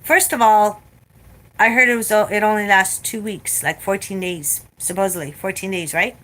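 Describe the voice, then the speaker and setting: A woman telling a story in a casual vlog rant, blunt and profane, animated as she retells it. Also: mid-range voice, moderate pace. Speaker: vlogger.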